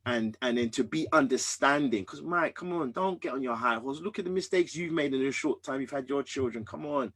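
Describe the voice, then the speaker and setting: Earnest husky-voiced man telling his story. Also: mid-range voice, animated, fairly quick. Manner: earnest, emphatic, swings between loud and hushed. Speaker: podcast guest. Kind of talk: candid personal storytelling.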